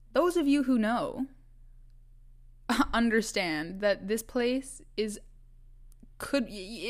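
Young woman, from western Canada, solo podcast host, casual rambling chat, self-deprecating, laughs a lot, slightly high voice. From Vancouver Island, Canada. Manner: chatty, self-mocking, laughs often, restarts and asides.

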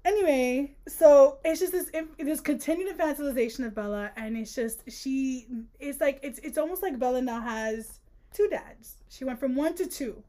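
High-voiced sarcastic young woman. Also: moderate pace. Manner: sarcastic, animated, frequent laughter. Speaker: podcast co-host. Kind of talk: casual book-discussion podcast.

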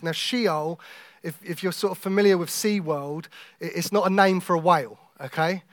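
A man preaching a sermon in a conversational, joking way, with quiet intense stretches when reading scripture. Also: a little high, moderate pace, dry recording.

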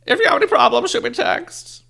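A shrill, swooping old woman with a cryptic air, as a man puts her on. The voice leaps high and bright and stays loud. It is a story read aloud on a podcast, with the character voiced by the reader. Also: very animated, quick pace, vocal fry, heavily acted. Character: mysterious old woman selling happiness.

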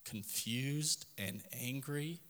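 A man's voice: mid-range voice, very slow, fairly bright tone. Man, podcast host; earnest devotional address, tense edge, reverberant room. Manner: earnest, direct address to listener. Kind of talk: devotional talk.

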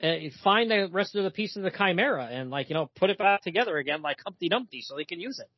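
A man's voice: high-pitched, animated, quick pace, slightly rough, no room sound. A man co-hosting a casual podcast about comic books, reading the dialogue aloud in loosely acted voices. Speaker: podcast co-host. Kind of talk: casual comic book discussion. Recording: dull, lo-fi, dry podcast audio.

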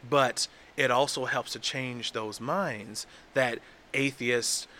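An earnest man speaks in an easygoing podcast conversation, his voice bright and forward. He often restarts his sentences as he works out his thoughts. A faint hiss sits under the recording. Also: medium pitch, steady tone, slow. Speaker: guest.

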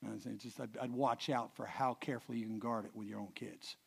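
A middle-aged man preaching a sermon, telling stories with many restarts and repeated words, dropping quiet and then swelling loud for emphasis. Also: medium pitch, fairly quick, gravelly, slightly rough. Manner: animated storyteller, swings from hushed to loud emphasis. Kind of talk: sermon with anecdotes.

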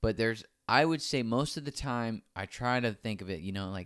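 This podcast co-host speaks at a moderate pace in a lowish voice, chatting casually, cursing a lot and mimicking characters with abrupt shifts in his voice as he tells stories. The sound is dry and clean, studio-made.

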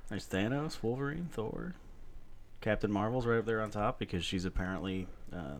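A man's voice: on the low side, moderate pace, a little hiss or hum. A man co-hosting a podcast in casual chat, rambling and ranting with plenty of swearing. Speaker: podcast co-host.

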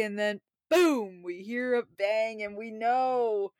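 A woman co-hosting a casual film review podcast, retelling scenes with feeling and quoting characters in quick voices. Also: medium pitch, fairly even intonation, clear, resonant tone, dry recording, clean studio sound. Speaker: podcast co-host.

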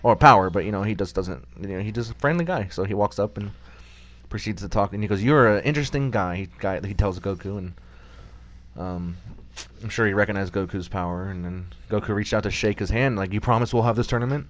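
Fast-talking man retelling anime scenes. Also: sits low. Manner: rambling, animated retelling with acted quotes. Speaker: podcast co-host. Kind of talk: casual chat recapping anime.

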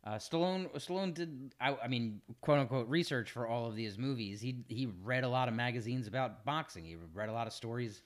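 A man's voice: mid-range voice, brisk, few pauses. A man co-hosting a podcast, chatting casually with joking asides. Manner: laughs a lot, joking asides. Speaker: podcast co-host. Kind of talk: casual movie chat.

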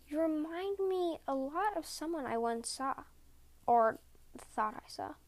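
A woman reading a storybook, voicing a gentle, loving young husband who talks earnestly and pleads. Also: sits high, lively intonation, measured pace, voice pushed up. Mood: tender. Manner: earnest, pleading, cries out in alarm.

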